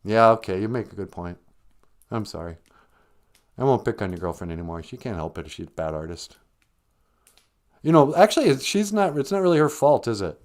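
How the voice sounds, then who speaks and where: A man's voice: on the low side, very animated, fairly quick, pauses often, darkish tone. A man hosting a comedic live-stream language lesson, teasing a pretend caller in a blunt, chatty way. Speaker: Ojibwe language teacher and host.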